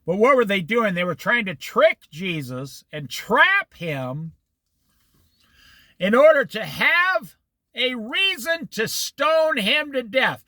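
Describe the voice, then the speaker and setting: Man, Bible study teacher, high voice, slow and unhurried, dry close sound. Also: no room sound. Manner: animated storytelling with acted quotes.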